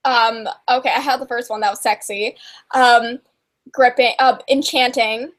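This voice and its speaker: A woman's voice: on the high side, steady tone, unhurried, a bit bright. A teenage girl co-hosting a casual livestream chat, gushing and giggly, full of fillers. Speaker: co-host.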